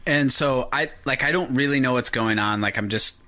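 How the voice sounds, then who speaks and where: Bright-voiced man telling a wild story. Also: mid-range voice, normal speed. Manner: animated, acts out voices when quoting. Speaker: podcast host telling a story. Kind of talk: casual storytelling chat.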